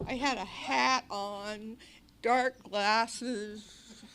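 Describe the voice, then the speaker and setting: Speaking very slowly in a fairly high, fairly bright voice with a clean tone and fairly even intonation, a woman gives a personal recovery talk in a meeting hall. She brings her past cries and other people's lines to life with animation.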